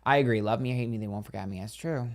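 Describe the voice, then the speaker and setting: A man's voice: mid-range voice, rapid-fire. Blunt, chatty young man. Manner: blunt, candid, heavy use of "like". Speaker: psychic tarot streamer. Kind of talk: casual chat reading viewer comments.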